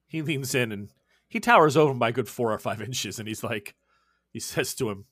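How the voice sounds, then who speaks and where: A man narrating as game master in a loose, halting way with fillers. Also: medium pitch, fairly bright tone, no room sound, studio quality.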